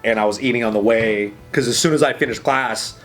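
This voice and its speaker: A man's voice: mid-range voice, brisk, a bit bright, soft background music. A man who co-hosts a podcast, talking casually and swearing freely as he tells a story. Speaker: podcast co-host. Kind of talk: casual chat.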